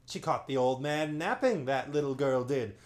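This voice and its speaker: Brief: boastful little monopod leader, read by a male narrator, loud and pleased with himself. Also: mid-range voice, moderate pace, natural voice. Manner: loud, self-important. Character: pompous chief of the one-footed monopods, male.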